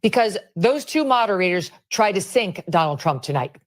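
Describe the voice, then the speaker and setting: A woman's voice: mid-range voice, very animated, moderate pace. A woman giving indignant, emphatic opinion commentary on a news broadcast. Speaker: political commentator.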